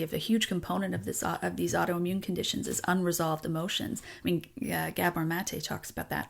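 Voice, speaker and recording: A woman songwriter and author in a candid personal conversation, talking frankly and emotionally, swearing, with halting restarts. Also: lowish voice, creaky.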